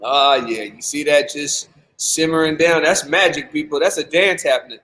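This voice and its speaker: In Seattle, a show host runs a casual live stream, sounding high, hyped, pushed, and bright at a moderate pace. He jokes around and pushes the deal like a salesman, keeping the banter playful throughout.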